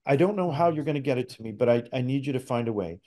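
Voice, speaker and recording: Middle aged canadian guy telling a story on a podcast, earnest, trips over his words, average pitch. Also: fast. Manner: earnest, animated storyteller with frequent restarts. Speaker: podcast guest, spirit talker. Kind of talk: casual storytelling interview.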